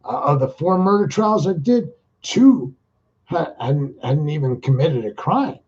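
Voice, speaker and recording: A man's voice: a little high, lively intonation, a little slow, a little mellow, husky. A man talking in a casual, rambling monologue, folksy and slangy, speaking straight to his listeners. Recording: muffled lo-fi recording.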